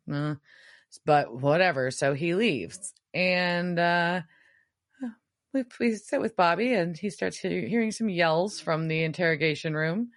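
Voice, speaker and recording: A woman's voice: lowish voice, measured pace, dry recording, studio quality. A woman co-hosting a podcast, casually recapping a TV episode with lots of fillers. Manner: chatty recapping with many fillers. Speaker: podcast co-host.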